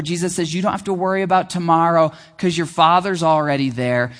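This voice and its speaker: A man preaching a sermon as pastor, earnest and conversational, slowing down to stress key phrases. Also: high-pitched, pushed and bright, big-room sound.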